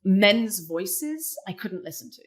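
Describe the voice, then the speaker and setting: A woman's voice: medium pitch, slow pace. A young adult woman, a guest in an interview, telling a personal story casually and filling it with "like". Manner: chatty, many "like" fillers, animated retelling. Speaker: interview guest, poker player.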